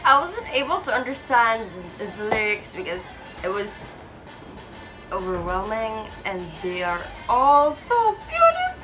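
A woman with a high, very lively voice reacts to a music video and gushes with excited exclamations between slow, drawn-out remarks. She talks as a DJ in a casual vlog. The music video plays loudly under her voice. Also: rough recording. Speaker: DJ and reaction vlogger. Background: music video playing.

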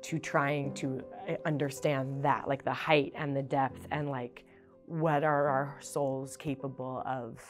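Middle-aged woman, low voice, candid, rambling, soft music under her. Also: slow. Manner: earnest, animated with many fillers and restarts. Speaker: stage actress. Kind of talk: reflective interview monologue.

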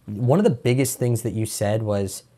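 Low-voiced man hosting a chat. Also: moderate pace, warm tone, slightly rough. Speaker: podcast host. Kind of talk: interview questions, casual chat.

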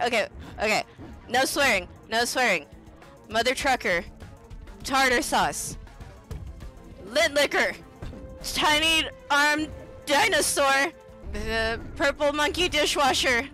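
A high-pitched, bright woman streaming a game, talking at an unhurried pace. She giggles a lot and playfully dodges swearing with goofy substitute words. Casual, chatty streamer talk. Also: lively intonation, soft background music. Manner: giggly, playfully self-censoring with silly stand-in words. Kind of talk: casual gameplay chat.

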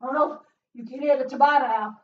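A high-pitched woman leads a workout while doing it herself, out of breath and cheering her viewers on. She is recorded from a distance in a small closed room, so her voice sounds roomy and a little dull. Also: steady tone, fast. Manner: upbeat, cheering with loud whoops, breathless between exercises. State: out of breath from exercising. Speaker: fitness instructor. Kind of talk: live workout coaching.

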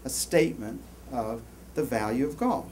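A man giving a university lecture, rambling and animated, with many restarts and asides to the class. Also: mid-range voice, moderate pace, a little hiss or hum. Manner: animated, rambling, lots of self-interruptions. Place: lecture hall.

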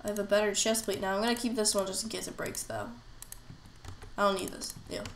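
A woman's voice: medium pitch, fairly even intonation, quick pace, vocal fry. A woman with a cold-stuffed nose giving casual gameplay commentary, chatting to herself as she plays. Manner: chatty, talks to herself while playing. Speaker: gamer. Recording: roomy echo, faint noise.

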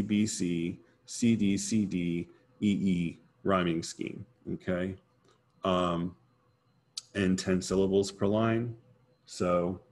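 A man giving an informal poetry lesson in a somewhat low voice. He talks slowly, thinking aloud and correcting himself as he works through each point. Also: a little mellow. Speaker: teacher.

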